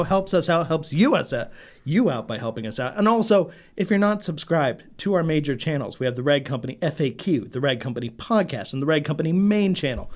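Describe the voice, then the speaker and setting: A man co-hosting a podcast who teases and quips in casual chat, then wraps up the show. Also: fairly high pitch. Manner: teasing, quick quips, laughs often. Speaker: podcast co-host.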